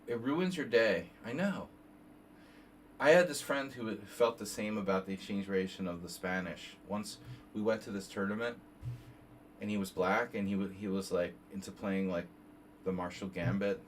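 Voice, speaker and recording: Guy in his 50s chatting through chess games, wanders off topic a lot, lowish voice, mic a bit far off with faint hiss. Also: moderate pace. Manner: rambling, digressive, reading moves aloud. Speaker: chess streamer. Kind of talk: casual live game analysis. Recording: slightly distant mic, faint background noise.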